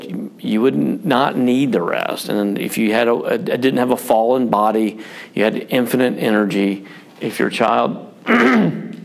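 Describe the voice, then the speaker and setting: A man with a gravelly, mid-range voice, a pastor and father, chats casually about parenting. He's frank and self-deprecating, rambling along with lots of fillers and restarts.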